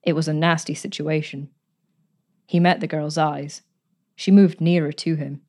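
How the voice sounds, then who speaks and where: A woman narrating a story aloud in a measured, even way. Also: low voice.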